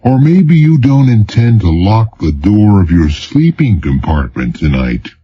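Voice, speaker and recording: A man reading an audiobook, voicing a sarcastic, contemptuous, weary man in a slow, raised voice. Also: on the low side, very animated, breathy edge, no room sound, highs cut off, pitched above the performer's own voice, heavily acted. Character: sardonic mysterious male doctor, mocking and contemptuous.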